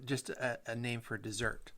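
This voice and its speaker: Laid-back guy hosting a cozy podcast, mid-pitched, chatty with some ums. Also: level tone, moderate pace, creaky, sharp tone, slight background noise. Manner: easygoing, chatty, hesitant fillers. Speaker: podcast host. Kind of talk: casual chat and show announcements.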